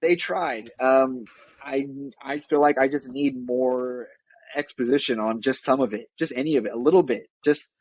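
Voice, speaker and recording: A man's voice: medium pitch, normal speed, a little mellow, no room sound, low-quality recording. A man co-hosting a podcast, chatting casually in a rambling, wry way and often correcting himself mid-sentence. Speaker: podcast co-host. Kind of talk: casual chat.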